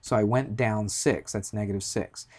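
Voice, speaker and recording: A man's voice: lowish voice, steady tone, moderate pace, a little mellow. A man teaching a math class, explaining slope in a chatty, storytelling way with asides. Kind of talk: classroom lecture with a personal story.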